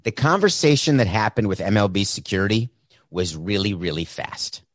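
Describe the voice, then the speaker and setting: A man's voice: fairly low pitch, big pitch swings, moderate pace, no echo, studio quality. A man hosting a sports talk show, delivering a sarcastic, mocking monologue into a desk microphone. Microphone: desk mic with mute button.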